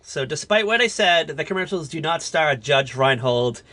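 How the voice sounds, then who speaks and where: Excitable man with a Northeastern US accent. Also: on the high side, moderate pace, dry recording. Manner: excitable, jokey, animated. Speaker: podcast co-host. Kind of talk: casual chat.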